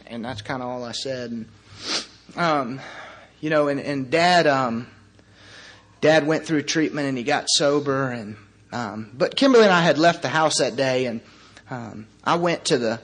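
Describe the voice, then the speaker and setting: A man in his thirties sharing his recovery story before a group, earnest and halting, with long pauses and wry, self-mocking humor. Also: medium pitch, fairly bright tone. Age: 30s. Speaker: recovery meeting speaker. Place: meeting room before a live audience.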